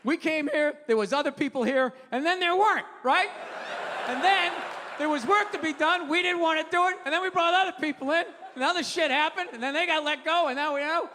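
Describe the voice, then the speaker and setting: A man's voice: very high voice, a little fast, pushed and bright, in a large hall, a little hiss or hum. A man doing a stand-up comedy set, telling profane stories in a brash, ranting way. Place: comedy stage before an audience.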